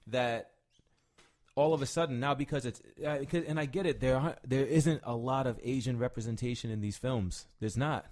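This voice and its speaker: A man's voice: mid-range voice, moderate pace, a little mellow. A man co-hosting a casual podcast, talking animatedly and swearing, with lots of "right?" tag questions. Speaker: podcast co-host. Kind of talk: casual chat.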